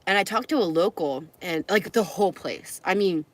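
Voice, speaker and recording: A woman's voice: fairly low pitch, expressive, moderate pace. A young woman from California, chatting and rambling in a casual travel vlog from the car she lives in, often laughing. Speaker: vlogger.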